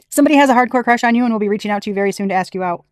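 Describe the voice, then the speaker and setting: A woman's voice: a little high, rapid-fire, no room sound, clean studio sound. A woman giving a casual spiritual tarot reading to her viewers, chatty and emphatic, laughing often and swearing freely. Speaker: tarot reader.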